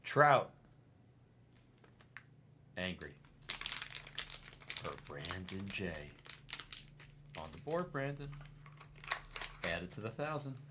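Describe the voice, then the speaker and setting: A man hosting a live card break, commenting in a casual, excitable way and teasing his chat. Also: low-pitched, extremely slow, pauses often, heavy background noise.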